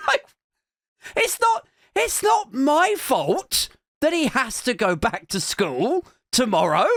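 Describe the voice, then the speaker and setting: A man's voice: extremely high pitch, very animated, slow pace, fairly bright tone, dry recording, clean studio sound. A young man hosting a podcast, telling a comic, self-mocking story in a rambling way, with lots of "like". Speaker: podcast host. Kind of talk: comic monologue.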